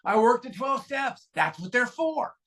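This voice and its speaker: A man gives a candid, self-mocking recovery share. His voice sits high for a man and sounds bright and forceful. He tells his story plainly and often restarts his sentences. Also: sing-song, unhurried. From California, USA. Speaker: guest speaker at a recovery meeting.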